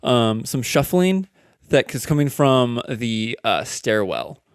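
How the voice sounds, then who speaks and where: A man's voice: mid-range voice, very animated, slow pace, clear, resonant tone, no room sound, studio quality. Casual man narrating a tabletop game. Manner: casual, filler-heavy narration with laughs. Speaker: dungeon master.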